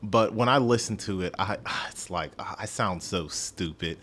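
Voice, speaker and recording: A man hosts a casual podcast music review in a somewhat low voice. He rambles and pokes fun at himself, often stumbling over his words as he goes. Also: a little slow, a bit bright. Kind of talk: casual solo review chat.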